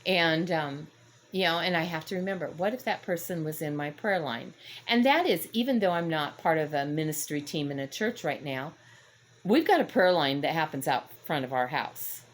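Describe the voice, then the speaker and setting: A woman's voice: deep voice, animated, moderate pace. A middle-aged woman talking earnestly in a casual devotional chat, rambling a little and leaning on frequent "you know" fillers. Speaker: Christian encouragement vlogger.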